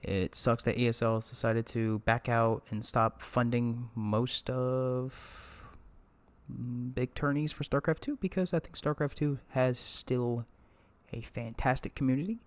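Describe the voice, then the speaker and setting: A man hosts a casual esports podcast from his streaming setup. He rants about tournaments and swears freely, stopping now and then to greet his live chat. His voice sits at a middling pitch for a man. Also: measured pace. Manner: profane, ranting, talks to live chat. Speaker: podcast host.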